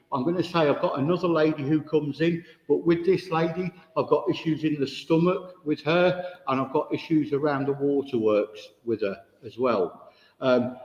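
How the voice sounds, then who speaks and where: A man, a spiritualist medium giving a chatty, direct demonstration to an audience in a village hall, with no microphone. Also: a little high. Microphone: no microphone, room recording. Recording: echoey hall, dull, no microphone.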